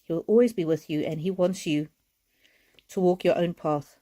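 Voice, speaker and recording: A woman giving a live oracle card reading, speaking earnestly and reassuringly, with soft laughs now and then. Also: lowish voice, normal speed.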